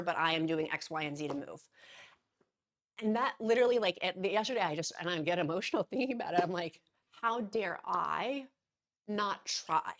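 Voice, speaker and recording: A woman's voice: on the low side, fairly bright tone. A woman vlogger chatting casually to camera in a bubbly, gushing way.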